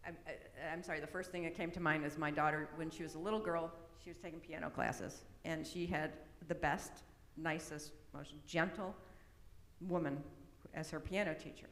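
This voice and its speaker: A woman's voice: low-pitched, steady tone, normal speed, fairly bright tone. A middle-aged woman presenting an autism awareness talk in a conversational way, often checking in with tag questions. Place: church hall. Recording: echoey hall, long reverb.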